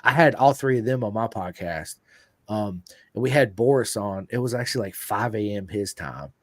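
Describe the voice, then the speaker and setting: A man's voice: lowish voice, normal speed, no echo, clean studio sound. An American man hosting a podcast interview, chatting casually and enthusiastically and calling his guest dude and bro. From United States. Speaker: podcast host.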